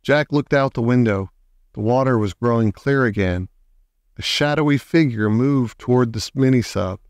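A man reading a children's book aloud in a slow, expressive storytelling manner. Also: medium pitch, smooth, dry recording, studio quality. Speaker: audiobook reader.

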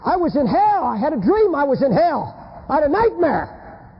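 A man's voice: very high-pitched, big pitch swings, normal speed, voice pushed up, exaggerated voice. A preacher acting out a terrified man pleading. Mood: panicked. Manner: frantic, pleading, voice cracking upward. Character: panicked man waking from a hellish dream. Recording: dull old tape with long reverb.

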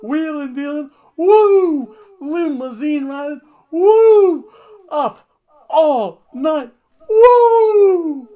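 A man impersonating a boastful older male wrestler, shouting whoops between bragging catchphrases. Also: very high-pitched, expressive, drawn-out words, lo-fi sound, voice pushed up, exaggerated voice. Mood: wild, boastful.

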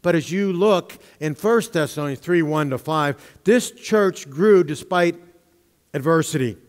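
High-voiced preaching man in reverb. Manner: emphatic preaching, drawn-out stresses, asides of humor. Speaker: pastor. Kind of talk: sermon. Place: church sanctuary. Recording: long reverb of a church hall.

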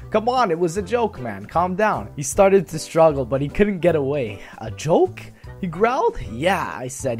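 A man reading fan fiction aloud to his channel, casual and profane, breaking off into reactions. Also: high-pitched. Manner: profane, animated asides between read lines.

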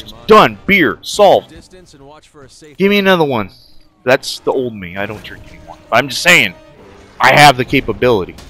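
A man giving excited, jokey commentary as he plays a video game, swearing, yelling and chanting through the fights. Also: high-pitched. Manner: loud, jokey, swears a lot, yells and chants during fights. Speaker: gaming streamer.

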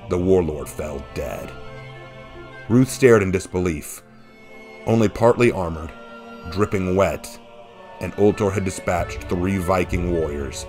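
A man narrating a fan-written action story in a steady, dramatic reading. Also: sits low. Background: faint background music.

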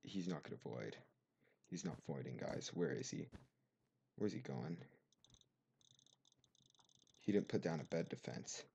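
A man's voice: rumbling low, expressive, unhurried, vocal fry, pauses often, warm tone, a little hiss or hum. A young man commentating his game with sarcastic, mock-offended rants on a cheap desk mic. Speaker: gamer. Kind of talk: gameplay commentary.

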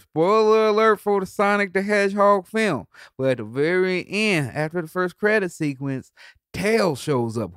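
Smooth-voiced man rambling casually on a podcast. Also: dry recording, studio quality. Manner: laid-back, rambling, swears freely; bursts into high laughs. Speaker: podcast host. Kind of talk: casual solo monologue.

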